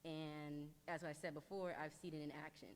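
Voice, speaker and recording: A teenage girl speaks at a press conference in a low, even voice. She is earnest and halting, pausing often as emotion catches her. Her words ring out with a long reverb, as if spoken in a large hall. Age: teens. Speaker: high school lacrosse player.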